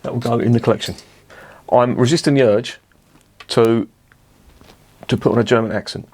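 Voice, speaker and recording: A man's voice: mid-range voice, fairly even intonation, normal speed, a little mellow. A man giving a chatty, blunt beer review, swearing casually as he talks.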